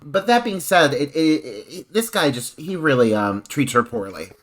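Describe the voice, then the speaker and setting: A man on a podcast panel, talking about a film in an animated, opinionated way with laughter. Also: fairly high pitch, moderate pace. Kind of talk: casual film discussion.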